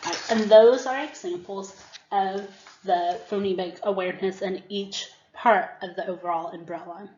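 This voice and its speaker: A woman's voice: mid-range voice, fairly even intonation, darkish tone, slight background noise. A woman giving a teacher-training presentation on reading skills, acting out classroom prompts as she explains them. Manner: demonstrates classroom prompts, slow and deliberate. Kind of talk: instructional presentation. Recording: dull, roomy recording.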